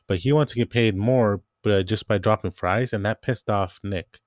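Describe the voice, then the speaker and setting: Low-voiced young man ranting about work. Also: unhurried, a little mellow, no echo, studio quality. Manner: rambling, quotes coworkers, frequent "like". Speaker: grocery store worker. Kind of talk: casual storytelling rant.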